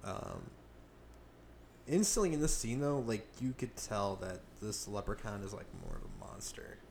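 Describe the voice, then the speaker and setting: A man's voice: lowish voice, expressive, a little mellow, slight background noise. A young man co-hosting a podcast, chatting casually about a movie, with lots of fillers and restarts. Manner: rambling, filler-heavy, quick to laugh. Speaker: podcast co-host. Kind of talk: casual movie review chat.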